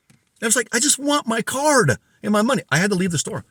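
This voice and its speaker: A man's voice: high voice, very animated, fast, bright, forceful tone, no room sound. A man hosting a podcast, telling a story in an agitated, casual monologue and acting out the dialogue. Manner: agitated storytelling, reenacts dialogue, voice rising and falling sharply. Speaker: podcast host.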